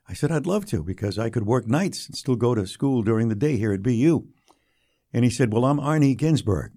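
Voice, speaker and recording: An older man, a radio broadcaster recalling his early career in an unhurried, anecdotal interview manner. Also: mid-range voice, lively intonation. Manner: warm anecdotal storytelling, drops quietly for quoted lines. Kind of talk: storytelling interview.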